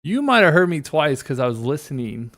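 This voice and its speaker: A man's voice: a little high, very animated, a little fast, fairly bright tone. A man streaming live, talking casually to himself and his viewers as he tinkers with settings, muttering and swearing now and then.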